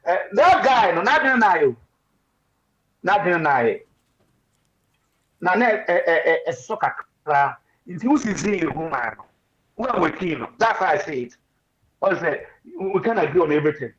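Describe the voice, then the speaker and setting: Excitable Ghanaian man, high voice. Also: moderate pace, pauses often. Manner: excitable, mixing Twi and English, preachy. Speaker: radio panelist. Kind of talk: animated talk radio discussion. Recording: dull lo-fi radio stream.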